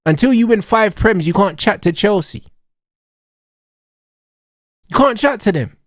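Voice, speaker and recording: A man's voice: high voice, expressive, measured pace, no room sound, clean studio sound. A young man ranting in a heated, mocking, slang-heavy way during a football watch-along. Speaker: streamer.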